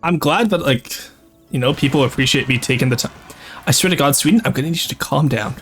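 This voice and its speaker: A man's voice: mid-range voice, fast talker, a bit bright, faint music behind. A French Canadian man streaming a strategy game, rambling and chatty, swearing freely and laughing often. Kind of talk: casual live-stream chat with game commentary.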